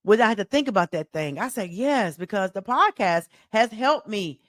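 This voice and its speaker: A woman with a Southern US accent hosting her own coaching podcast, talking in an animated, folksy way and repeating phrases like a preacher. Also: medium pitch, moderate pace, no room sound, studio quality. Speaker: life coach and podcast host. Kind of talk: solo motivational podcast talk.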